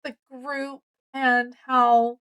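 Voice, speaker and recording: Slow, high-voiced woman retelling a story. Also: clear, resonant tone, poor audio. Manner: rambling, with many ums and self-corrections; acts out characters' lines with excitement. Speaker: book reviewer. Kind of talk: casual book review, retelling the plot.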